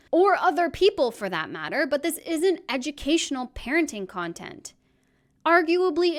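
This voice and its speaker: Critical young woman commentator. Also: sits high. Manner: critical, pointed delivery. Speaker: commentary channel host. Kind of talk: scripted commentary.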